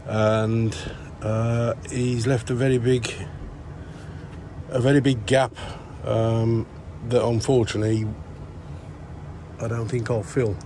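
A middle-aged man chatting casually in a vlog, rambling through shout-outs with lots of fillers and restarts. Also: mid-range voice, level tone, slow pace, long pauses, noisy background. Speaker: plant grower vlogger. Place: indoor grow tent.

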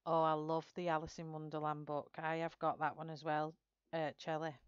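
A woman's voice: sits low, flat delivery, moderate pace, clear, resonant tone, dry recording, lo-fi sound. A woman hosting a live colouring stream, chatting and giggling as she greets viewers by name. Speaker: livestream host colouring live. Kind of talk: casual chat while colouring.

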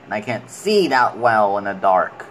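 A man with a slightly low voice rambles through unhurried gameplay commentary. He talks slowly and casually, and often chats fondly to the game's creatures as if they could hear him. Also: sing-song, a little hiss or hum, rough recording. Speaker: video game player.

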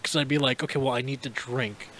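A man's voice: mid-range voice, fast, slight background noise. A man in his twenties, a podcast co-host, telling a casual story with lots of laughter and acted-out dialogue. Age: 20s. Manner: animated, laughs often, acts out both sides of the dialogue.

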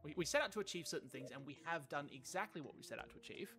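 A let's play host chatting casually and self-mockingly over gameplay, excitable and laughing often. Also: mid-range voice, rapid-fire, faint music behind.

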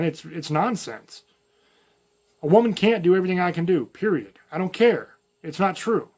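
Southern male host, light drawl, blunt and folksy, a touch higher-pitched, plainspoken monologue. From American South, mountains. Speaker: channel host. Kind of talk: opinion monologue to camera.

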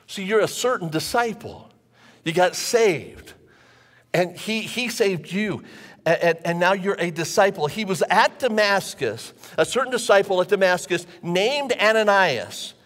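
A pastor preaching a sermon to a live congregation in a church, talking conversationally and repeating phrases for emphasis. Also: male voice, sits high, animated, unhurried, a bit bright. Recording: long church reverb.

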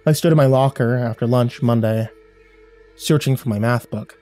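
A man narrating a horror story in a measured, somber storytelling voice. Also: mid-range voice. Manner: measured, somber storytelling with quiet dialogue reads. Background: faint music.

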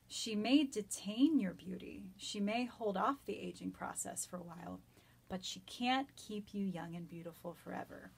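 Breathy woman explaining Shakespeare. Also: mid-range voice. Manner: reads verse lines slowly then explains them in plain chat; enthusiastic, self-described nerdy. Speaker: Shakespeare teacher. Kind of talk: reading and explaining a sonnet. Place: home during quarantine.

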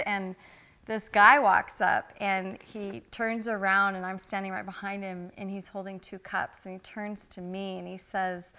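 A middle-aged woman, an interview guest, telling a personal story in an earnest, spiritual way that grows animated in the anecdotes. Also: mid-range voice, measured pace.

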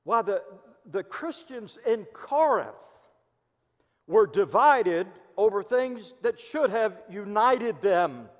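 A Midwestern American pastor with a high, lively voice delivers a sermon at a slow, deliberate pace, moving from loud emphasis to hushed asides. His words ring out in a church sanctuary with a long reverb trailing each phrase. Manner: storytelling preacher, swinging between loud emphasis and hushed asides.

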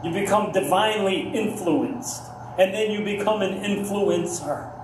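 A male pastor preaching a sermon slowly and earnestly, often dropping to soft murmurs and rising with feeling. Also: high-pitched. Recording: echoey room, mic at a distance, faint ambient noise.

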